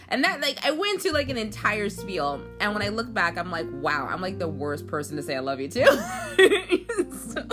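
A young adult woman telling a personal story in a casual, self-mocking way, full of "like" and "um" and quick laughs. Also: mid-range voice, wildly swooping pitch. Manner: chatty and self-mocking, many likes and ums, frequent laughs. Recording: music clearly behind.

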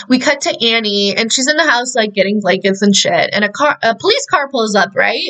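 Sharp in tone and a little high, a woman chats casually as a podcast host recapping a film. She wanders from point to point, curses freely and drops "like" into nearly every sentence.

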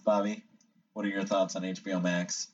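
A man's voice: low voice, level tone, a little fast. A young man hosting a casual podcast chat, joking and teasing his co-hosts. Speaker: podcast host. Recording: distant, dull-sounding mic.

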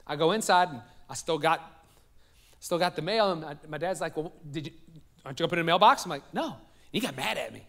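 Southern male pastor, high bright voice, lively storytelling sermon with asides to the congregation. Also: fast, creaky. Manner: animated, jokes with the congregation. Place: church sanctuary.

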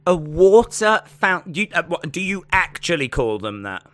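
Lively high-voiced man. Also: normal speed, dry recording, clean studio sound. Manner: playful, bursts into put-on voices and laughter. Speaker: co-host. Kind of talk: casual chat.

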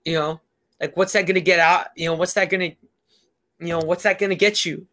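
A man's voice: sits high, steady tone, brisk, pushed and bright. A man telling a rambling story in a casual chat, heavy on fillers.

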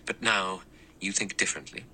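A man reading a brisk, shrewd doctor. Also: sits low, sharp tone, husky, heavily acted. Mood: urgent.

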